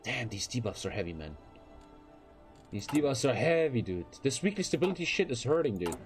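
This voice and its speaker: A man's voice: medium pitch, very animated, fairly quick, faint music behind. A young man streaming a strategy game, chatting loosely to his viewers in a rambling, profane way. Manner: rambling, profane, with filler phrases. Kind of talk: casual livestream chat while gaming.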